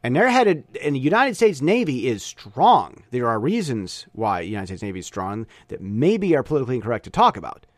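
A man's voice: medium pitch, big pitch swings, brisk, hardly any pauses, no echo, studio quality. A young man giving an opinionated casual monologue, often stumbling and restarting his sentences.

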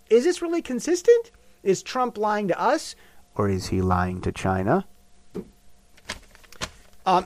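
A man's voice: sits high, dry recording. A man giving a rambling casual commentary monologue, full of restarts and rhetorical questions.

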